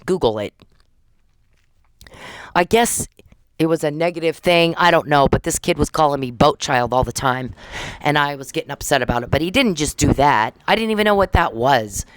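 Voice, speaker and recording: A woman's voice: sits low, moderate pace, smooth, dry recording. A woman in her fifties from the United States, delivering an angry, profane, accusing rant straight to the camera. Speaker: vlogger. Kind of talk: angry direct-address rant.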